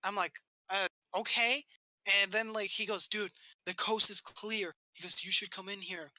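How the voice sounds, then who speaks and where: Bright-voiced man rambling through a story. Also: sits high, steady tone, normal speed, no room sound, low-quality recording. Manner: rambling, swears a lot, acts out quotes. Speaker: podcast co-host. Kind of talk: casual storytelling chat.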